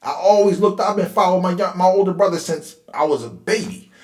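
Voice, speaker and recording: Speaking briskly in a voice that sits high, a host in his forties from Philadelphia shares a story from his own life in a relaxed, conversational way. Tense moments make him animated as he relives them, and the room echoes noticeably.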